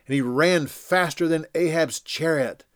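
Guy reading a bible story slow and lively, dry close sound. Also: fairly high pitch, no echo. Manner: expressive, deliberate, acts out quotes. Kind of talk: scripted Bible story narration.

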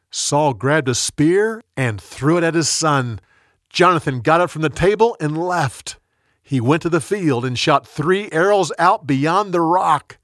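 A man narrating a story in a clear, plain storytelling manner. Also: fairly high pitch, expressive, normal speed, a bit bright, dry recording, studio quality.

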